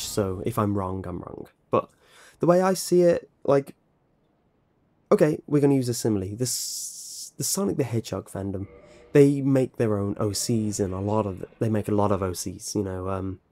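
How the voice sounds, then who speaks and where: A young man with a British accent answers viewer questions in a loose, rambling way. He keeps catching and correcting himself and adds wry asides. His voice has a warm, mellow tone and sits at an ordinary pitch. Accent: British, precise enunciation. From Britain. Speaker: YouTube narrator answering fan questions. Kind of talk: casual Q&A vlog.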